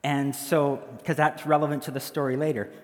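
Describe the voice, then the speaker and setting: A man's voice: a little high, level tone, normal speed, long reverb tail, slight background noise. A man, a pastor, telling a story in a sermon and acting out the voices of the people in it.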